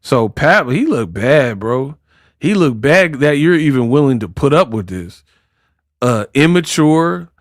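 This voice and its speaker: A man streams casual commentary, ranting and teasing in loose slang. He talks slowly and unhurriedly, and the sound is dry and close with no room around it. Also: medium pitch, sing-song, no echo. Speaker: YouTuber streamer.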